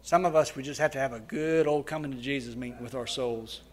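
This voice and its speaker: A man preaching a sermon to his church, swinging between loud, fervent passages and quiet, hushed ones. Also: mid-range voice, fast. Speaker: pastor.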